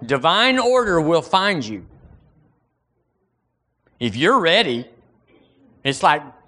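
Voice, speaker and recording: A man with a Southern American accent preaching from the pulpit, his voice sitting a little higher than most men's. He swings between casual, folksy asides and bold, dramatic readings of old scripture. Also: very animated, takes it slowly, long pauses, pushed and bright. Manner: reads scripture aloud in a lifted, dramatic voice between plain remarks; conversational, folksy asides with fillers. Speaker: pastor. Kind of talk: sermon.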